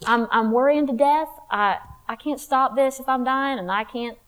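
A woman telling her faith testimony in a candid, animated way, acting out what people said. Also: sits high, normal speed, smooth, low-quality recording. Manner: candid, animated, acts out quotes. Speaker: speaker sharing testimony.

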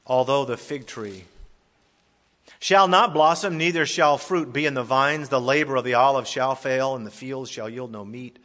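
Man preaching in an echoing hall. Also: medium pitch. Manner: dramatic preaching, swings from loud to hushed. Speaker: pastor. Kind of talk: sermon. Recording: long reverb of a large hall.

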